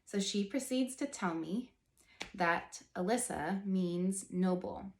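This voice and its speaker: A woman's voice: medium pitch, slow pace, a little mellow. 30s woman vlogging about her faith, chatty and earnest, lots of "like", bit of room echo. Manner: chatty, rambling, heavy use of "like", earnest. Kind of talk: casual personal storytelling.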